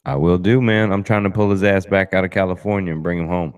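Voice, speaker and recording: A man's voice: low voice, steady tone, quick pace. A man hosting a podcast, chatting casually and joking and teasing his guests. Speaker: podcast host. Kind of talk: casual chat.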